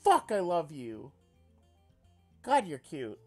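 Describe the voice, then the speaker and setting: Animated man reading game text aloud. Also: fairly high pitch, slow, faint music behind. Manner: animated and excitable, swears freely. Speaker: let's player.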